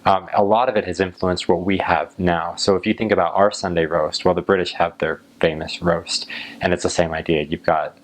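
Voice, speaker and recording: An American man chatting casually to camera as a vlogger, unhurried and musing, with frequent ums. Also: low voice, little pitch movement, low-quality recording. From United States.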